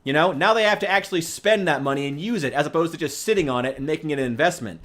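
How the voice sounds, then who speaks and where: A man's voice: on the high side, very fast, few pauses, a bit bright. A man chatting casually while streaming a game, ranting with profanity and sarcasm. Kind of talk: casual gaming stream chat.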